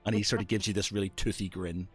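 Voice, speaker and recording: A man's voice: sits low, flat delivery, fast talker, breathy edge, soft background music. A man narrating as dungeon master in a tabletop game, hesitant and full of fillers.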